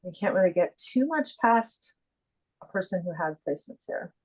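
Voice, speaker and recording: A woman's voice: lowish voice, big pitch swings, normal speed, darkish tone, rough recording. A woman co-hosting a podcast in casual chat, musing and searching for her words. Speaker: podcast co-host.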